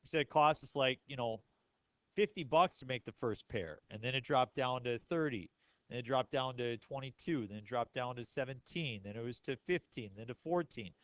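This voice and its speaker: A man's voice: mid-range voice, normal speed, fairly bright tone, no room sound, low-quality recording. A male math teacher giving a classroom lecture in a casual, joking way and asking the class questions.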